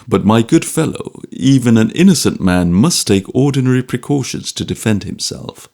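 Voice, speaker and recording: A man reading an audiobook and voicing an earnest, insistent older gentleman who acts as a guardian. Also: medium pitch, lively intonation, moderate pace, gravelly.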